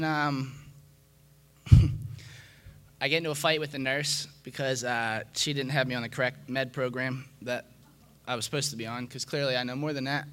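In candid personal testimony, a man recounts his recovery with frank self-mockery, often saying "man" and starting his sentences over. His voice is medium-pitched with a fairly bright tone.

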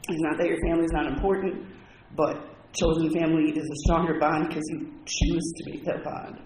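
A man with a fairly high voice gives a heartfelt, candid personal testimony to a roomful of people, talking loosely with lots of "like". The sound is echoey and carries a lot of background noise. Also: level tone, fairly quick, darkish tone. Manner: candid, heartfelt storytelling with frequent "like". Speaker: recovery meeting speaker. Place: meeting room with an audience. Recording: echoey, noisy room recording.

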